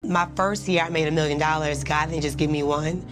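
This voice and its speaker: A woman's voice: low voice, steady tone, fairly quick, faint music behind. A woman entrepreneur giving an emphatic, repetitive motivational testimony.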